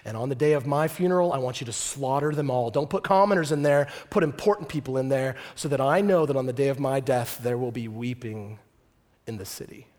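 Man doing a paranoid ancient king, cold commands, lowered menacing delivery. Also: fairly quick, a little mellow, close to an everyday voice.

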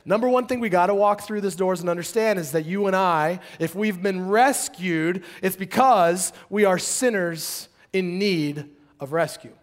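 A man preaching a sermon as pastor in a church service, telling animated stories and acting out the voices of the people he quotes. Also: sits high, normal speed, long reverb tail. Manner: drops to a hushed tone when praying.

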